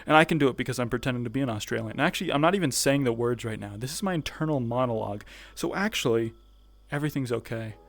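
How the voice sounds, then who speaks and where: A man's voice: medium pitch, rapid-fire. A man streaming a VR roleplay, chatting to his viewers in a loose, rambling way and laughing to himself. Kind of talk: casual VR roleplay stream chat.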